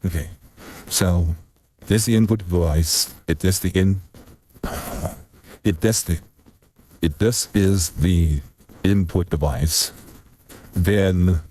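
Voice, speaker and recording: A man's voice: sits low, slow pace, pauses often, dark tone, breathy edge. A streamer testing his audio setup, rambling and muttering to himself and swearing under his breath. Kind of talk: casual self-talk while troubleshooting audio. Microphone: desk mic with noise gate.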